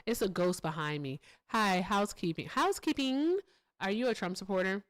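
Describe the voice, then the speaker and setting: A woman's voice: medium pitch, fairly quick, no room sound. Sarcastic woman host reacting to a clip. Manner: animated, sarcastic, talks straight to viewers. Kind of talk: political commentary livestream.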